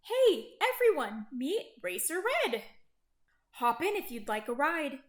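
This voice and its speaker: A woman voicing a kind, cheerful little male truck, gentle and friendly. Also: high-pitched, sing-song, slow pace, full character voice. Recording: roomy echo.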